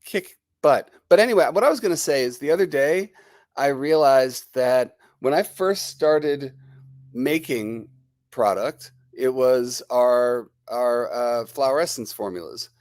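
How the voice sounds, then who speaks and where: A man's voice: medium pitch, expressive, a little slow, darkish tone, no echo, studio quality. A middle-aged man with a New Jersey accent and a lingering cold, hosting a casual live stream and chatting with viewers. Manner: chatty and rambling, greeting viewers. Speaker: livestream host.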